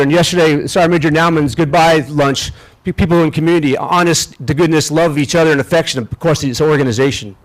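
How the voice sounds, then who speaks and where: A middle-aged man, a general, gives a ceremonial outdoor speech in a folksy, self-deprecating way, halting and restarting as he talks. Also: a little high. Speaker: general officer speaking at a ceremony. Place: outdoors on a field.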